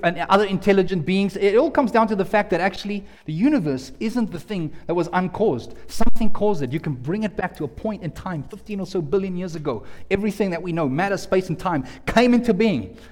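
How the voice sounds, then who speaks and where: A man preaching a lively, joking sermon, talking straight to his congregation in a church hall. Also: high voice, brisk, few pauses. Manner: lively, jokey, talks directly to the audience. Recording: long hall reverb.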